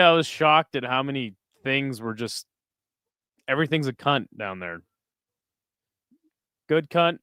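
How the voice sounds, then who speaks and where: A man's voice: a little high, fairly bright tone, smooth, no room sound. Crude, joking man on a dry mic. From United States. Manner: crude, joking, chatting with viewers between fight calls. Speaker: streamer hosting a fight watch party. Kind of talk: casual live-stream commentary.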